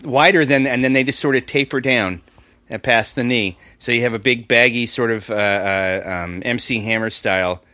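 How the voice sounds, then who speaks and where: A man with a bright, forceful voice trades animated bits on a comedy podcast. He laughs through his stories, and the sound is dry and close. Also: medium pitch, normal speed, dry recording. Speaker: guest comedian. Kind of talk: casual comedy podcast banter.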